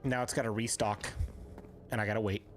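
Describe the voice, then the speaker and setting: A man with a fairly low voice and fairly even intonation talks briskly against a noisy background. He's streaming a game live, chatting casually as he plays, reading the chat aloud and answering viewers.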